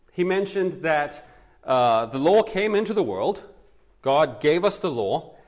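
A man preaching an expository sermon as pastor, teaching with rhetorical questions and emphatic answers. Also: fairly high pitch.

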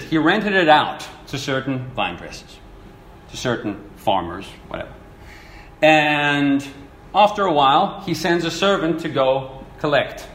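A male preacher teaching from scripture, his pitch swinging lively as he tells the story and acts out the voices. The room is echoey, with a faint hum of ambience behind him. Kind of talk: sermon teaching.

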